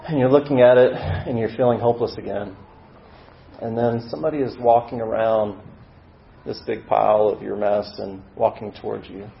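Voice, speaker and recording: A man's voice: fairly low pitch, steady tone, normal speed, creaky, slight background noise. A man preaching a sermon as a vivid story and acting out the scenes, in a roomy and slightly dull recording. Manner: vivid, acts out scenes with dramatic swings in volume.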